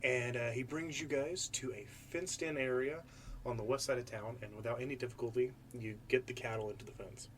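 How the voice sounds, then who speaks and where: A man narrating as game master of a tabletop game, relaxed and loose, with many fillers. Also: mid-range voice, a little fast, slight background noise.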